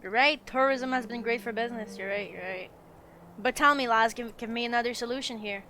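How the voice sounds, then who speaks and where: Woman player, bright punchy voice, playful and giggly, bit of hiss. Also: on the high side, brisk. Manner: playful, laughs often. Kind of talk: in-character scene and table talk.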